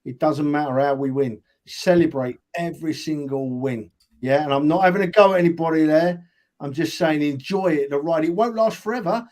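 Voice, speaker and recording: An older man speaks with earnest feeling as co-host of a fan chat. He stumbles over his first words, then presses his point. His voice is a bit higher than usual for a man. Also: normal speed, a little mellow. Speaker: podcast co-host.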